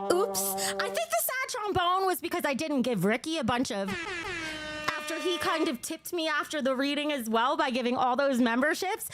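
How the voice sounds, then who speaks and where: A woman's voice: high-pitched, fairly bright tone. A young woman giving tarot readings on a live stream, talking casually and chatting with viewers between cards. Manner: chatty, reads viewer names and pulls cards aloud. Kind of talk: casual livestream chat.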